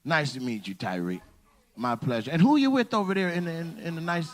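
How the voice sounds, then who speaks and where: A male comedian doing crowd work on a club stage, teasing the audience and shouting out punchlines. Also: a little high, expressive, brisk. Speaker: stand-up comedian.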